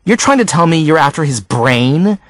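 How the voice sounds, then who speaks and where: In a dry, clean studio recording, a man voices a mocking teenage girl for an audiobook, using a fairly high, fairly bright voice with big pitch swings at normal speed. The character sounds snide, teasing, and sarcastic.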